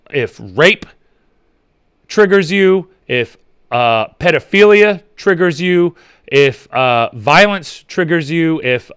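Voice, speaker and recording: A young man chatting casually in a vlog, reading out viewer comments in a rambling, profane, animated way. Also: a little high, clean tone, dry recording. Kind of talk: casual chat.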